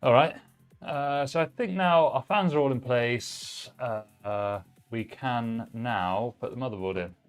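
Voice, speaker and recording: A man's voice: mid-range voice, unhurried, smooth, faint music behind. A man hosting a live stream, chatting casually with viewers while building a PC. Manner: chatty, relaxed, reads chat messages aloud while working. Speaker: livestream host building a PC.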